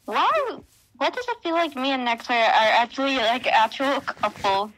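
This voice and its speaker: A woman's voice: high voice, lively intonation, normal speed, a bit bright, rough recording. A woman player in casual role-play chat, hesitant with many ums and playfully teasing. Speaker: Minecraft server player.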